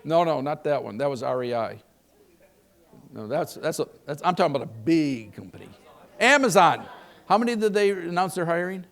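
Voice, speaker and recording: Older man, keynote speaker, folksy joking delivery, gravelly voice, slightly high pitch. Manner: folksy, joking, asks the audience questions. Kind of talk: live keynote talk with anecdotes.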